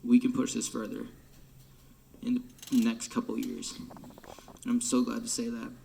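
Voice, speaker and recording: A man's voice: medium pitch, level tone, measured pace, vocal fry, warm tone, a little hiss or hum. A young man gives an emotional farewell speech as drum major in a band room. He is choked up and often drops to a whisper. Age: late teens.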